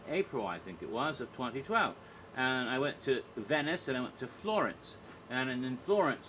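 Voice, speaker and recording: A man's voice: medium pitch, fairly bright tone, a little hiss or hum. A man vlogging in a casual, rambling monologue, digressive, chuckling at his own jokes with many fillers.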